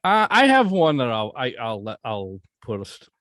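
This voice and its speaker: A man chatting casually on a podcast, blunt and loose with the swearing. His voice sits at an ordinary middle pitch. The sound is dry and close, with no room echo. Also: wildly swooping pitch, measured pace, fairly bright tone. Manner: blunt, profane, joking. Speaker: podcast co-host.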